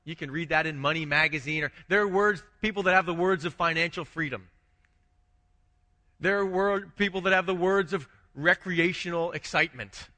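A man's voice: fairly high pitch, moderate pace, bright, forceful tone, long reverb tail. A man preaching a conversational sermon as a pastor, asking rhetorical questions and restarting his phrases.

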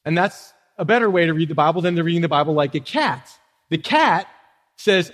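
A man's voice: a little high, animated, a little fast. A man preaching a sermon as pastor, conversational, with frequent rhetorical questions to the congregation. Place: church sanctuary. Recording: long church reverb.

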